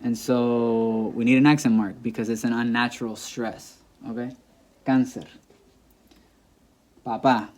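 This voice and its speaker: A man's voice: mid-range voice, darkish tone. A man teaching a language lesson, patiently explaining rules and sounding words out again and again. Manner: patient, repetitive, demonstrates pronunciation by saying words aloud. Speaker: Spanish teacher. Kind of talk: classroom-style lesson explaining grammar.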